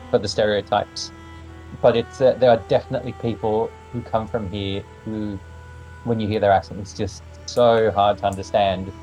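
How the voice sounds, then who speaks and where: A man from Sweden, a game composer, appears as a guest on a gaming stream, chatting eagerly over the game session and often restarting his words. His voice is fairly low with a darkish tone, and the recording is rough.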